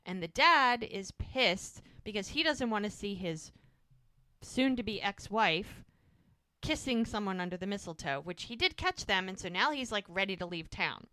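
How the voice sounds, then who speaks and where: Brief: woman podcast host, bright tone, dry close mic, lively recap storyteller. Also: mid-range voice, normal speed, no room sound. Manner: animated storyteller acting out scenes. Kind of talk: casual chat recapping a TV episode.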